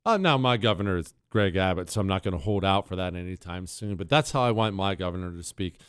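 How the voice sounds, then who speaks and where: A man's voice: sits low, expressive, fast, a bit bright, clear, resonant tone, dry recording, clean studio sound. A man hosting a talk show, ranting in a sarcastic, exasperated monologue.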